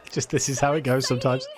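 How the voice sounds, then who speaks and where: A man's voice: medium pitch, a little mellow, a little hiss or hum. A man chatting casually while playing a game and reading its dialogue aloud, thinking aloud in a self-deprecating way. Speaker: let's-play gamer.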